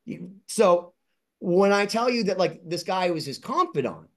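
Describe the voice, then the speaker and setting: A man telling excited, rambling anecdotes as an interview guest and collector, acting out other people's lines in high voices. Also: measured pace. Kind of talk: casual storytelling.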